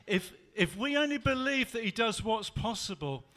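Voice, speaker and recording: A male pastor giving an animated storytelling sermon. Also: very high-pitched, normal speed.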